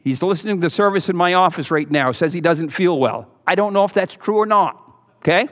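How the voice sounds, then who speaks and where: A middle-aged man preaching a sermon as pastor, folksy and joking, moving from low asides to loud exhortation. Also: lively intonation, a little fast, in a large hall.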